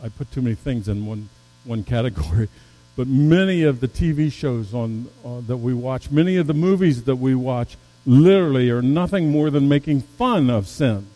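A man preaching a sermon as pastor, swinging from loud emphatic peaks down to low, soft passages, with stumbling restarts. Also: lively intonation, normal speed, hardly any pauses, rough recording.

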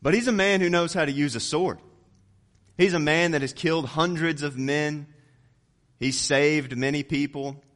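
Male preacher, fairly high voice, dynamic delivery that swells to loud peaks and sinks low for emphasis. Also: moderate pace. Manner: rising to loud emphatic peaks, dropping low on key words. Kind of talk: sermon.

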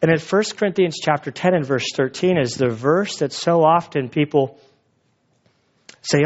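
A man's voice: fairly high pitch, moderate pace, lo-fi sound. A male pastor preaching a sermon in a conversational, storytelling way, full of fillers and restarts.

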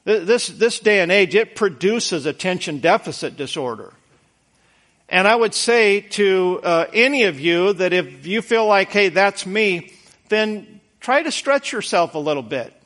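Earnest, folksy higher-voiced male preacher. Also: expressive, a little slow, a bit bright. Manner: earnest, folksy, repeats words for emphasis. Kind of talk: conversational sermon.

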